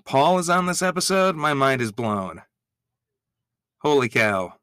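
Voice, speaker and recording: A man giving excitable, gushing reaction commentary, swearing freely as he reacts. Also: on the high side, measured pace, smooth, dry recording, studio quality.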